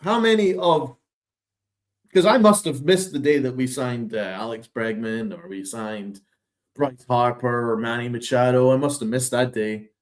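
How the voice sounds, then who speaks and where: A man's voice: medium pitch, unhurried. A man hosting a sports podcast, ranting with sarcastic, exasperated, profane commentary. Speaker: podcast host.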